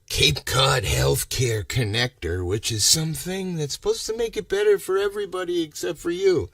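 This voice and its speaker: A man's voice: a little high, moderate pace, vocal fry, hardly any pauses, a bit bright, dry recording, clean studio sound, far from the mic. A man from Massachusetts chatting on a casual livestream, rambling and ranting with a lot of swearing. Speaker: livestream host.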